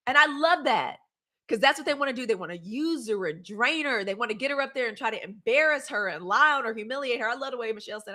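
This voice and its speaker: Animated woman hosting a livestream. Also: fairly high pitch, a little fast. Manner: animated, reads live comments aloud. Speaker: host. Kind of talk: casual livestream commentary.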